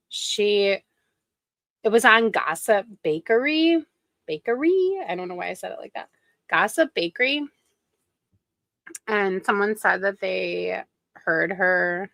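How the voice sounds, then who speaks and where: A woman's voice: mid-range voice, gravelly, sharp tone, no echo. A woman streamer giving snarky, gossipy commentary while reacting to videos.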